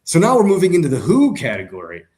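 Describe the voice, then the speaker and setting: A man's voice: a little high, quick pace. A man co-hosting a sports podcast, talking casually with jokes, fillers and restarts. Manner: animated, joking, many fillers and restarts. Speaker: podcast co-host.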